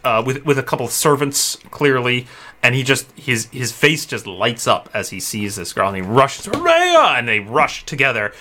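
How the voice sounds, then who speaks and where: Bright-voiced man running a tabletop game. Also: lowish voice. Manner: relaxed, rambling with many fillers. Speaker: game master.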